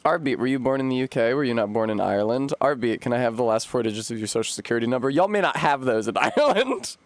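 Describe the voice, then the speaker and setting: A man's voice: mid-range voice, animated, fast talker, no echo. A young man from the United States chatting on a live stream, rambling and wry, swearing and laughing often. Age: young adult. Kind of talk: casual live-stream chat.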